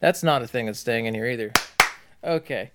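A man co-hosting a podcast in casual chat, joking in profane, deadpan rants. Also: medium pitch, a little fast, very noisy. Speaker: podcast co-host.

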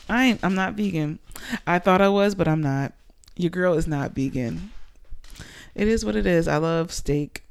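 She's a late-twenties podcast host from Panama whose deep, slightly mellow voice has a clean tone. She rambles casually and with energy, using plenty of fillers.

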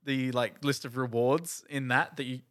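A man's voice: medium pitch, fairly even intonation, moderate pace, fairly bright tone. A man co-hosting a casual podcast chat, playful and joking. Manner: playful, mock-ad delivery. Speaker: podcast co-host.

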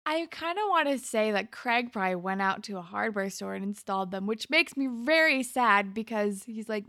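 A woman's voice: mid-range voice, lively intonation, moderate pace, few pauses, pushed and bright, no room sound, studio quality. A young adult woman co-hosting a podcast, chattily retelling a TV episode with lots of quoted dialogue. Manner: chatty, loose storytelling with many fillers and quoted lines. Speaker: podcast co-host. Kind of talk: casual chat recapping a TV episode.

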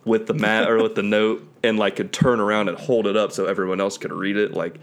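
A man's voice: fairly low pitch, level tone, fairly quick. A man co-hosting a casual talk show, easygoing and hedging as he thinks aloud. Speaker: podcast co-host. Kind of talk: casual chat about video games.

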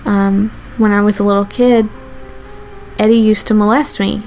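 A woman telling a true personal story with an earnest, halting delivery. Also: medium pitch, steady tone, a little mellow, faint music behind. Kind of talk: first-person true story told to an audience.

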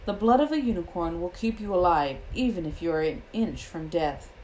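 A woman reading aloud voices a young male centaur who speaks in a grave, measured way. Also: fairly low pitch, lively intonation, darkish tone, a little hiss or hum, natural voice, low-quality recording.

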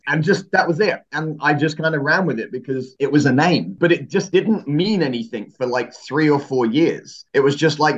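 A man in his forties, a former wrestler, telling stories as a guest in a casual interview, often pausing and restarting. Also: mid-range voice, highs cut off. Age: 40s. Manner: chatty storyteller, frequent fillers and restarts. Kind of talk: conversational interview.

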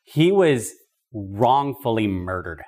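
A man's voice: fairly low pitch, very animated, takes it slowly, a little mellow. A man teaching a podcast Bible study in an emphatic, conversational way, with casual asides. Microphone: podcast microphone.

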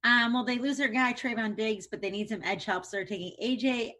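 A woman on a casual sports panel who talks confidently and gives quick reasons for her picks. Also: fairly high pitch, fairly even intonation, pushed and bright.

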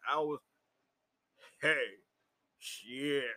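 A man, slightly drunk, tells a raw personal story to camera. His voice sits a little high and sounds bright and sharp, and he laughs loudly and swears constantly. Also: steady tone, extremely slow. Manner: loud, crude and laughing, swings into high shouting. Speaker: vlogger.

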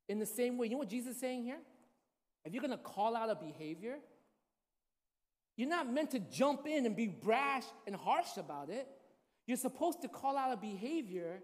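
A woman's voice: on the high side, a little mellow. A woman pastor giving a casual, storytelling sermon, often checking in with the congregation. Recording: long hall reverb.

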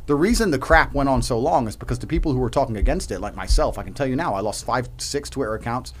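A man's voice: expressive, fast talker, slight background noise. A man ranting emphatically and profanely as a podcast guest in a heated debate. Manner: emphatic, ranting, profane, swings loud and high.

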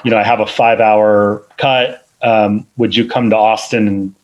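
A man's voice: on the low side, level tone, normal speed, lo-fi sound. A man, a film editor, talking casually in an interview, rambling with many fillers and restarts. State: parent of two little kids.

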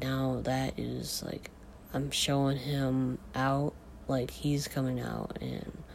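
On his podcast, a young man opens up in a casual, confessional way, stumbling through fillers and restarts as his changing voice occasionally cracks. It's mid-range and darkish in tone, with a little hiss or hum behind it.

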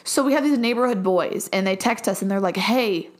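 A woman's voice: mid-range voice, quick pace. A young woman hosting a podcast, chatting casually and acting out her own stories with laughter. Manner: animated, acts out quotes with laughter. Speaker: podcast host. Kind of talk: casual chat, storytelling.

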